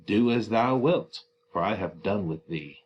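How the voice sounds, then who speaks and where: A man's voice: fairly low pitch, expressive, measured pace, muffled recording, a little hiss or hum. Icy aristocratic mother, a man reads her, curt and dismissive. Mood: cold. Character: cold aristocratic mother, woman. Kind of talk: dramatic reading of a play.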